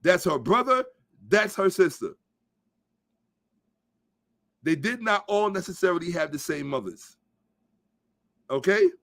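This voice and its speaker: A man's voice: high voice, lively intonation, measured pace, vocal fry, pauses often, a bit bright. A man hosting a podcast, giving a blunt, profane, emphatic commentary monologue and lecturing his listeners. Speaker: podcast host. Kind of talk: ranting social commentary monologue.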